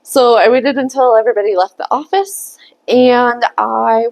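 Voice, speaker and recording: A woman's voice: a little high, moderate pace. A woman telling a personal story in a candid, chatty way, swearing freely and laughing often. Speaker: tarot reader and vlogger. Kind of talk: casual storytelling.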